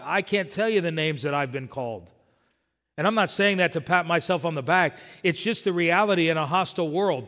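The room's long reverb lingers after each phrase as this American pastor, fairly high-voiced and a bit bright, delivers an earnest sermon in a church sanctuary, leaning hard on the scripture he cites.

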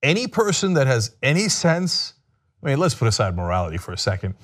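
A man's voice: mid-range voice, sing-song, fairly quick, fairly bright tone. A man giving sarcastic political commentary in a mocking manner.

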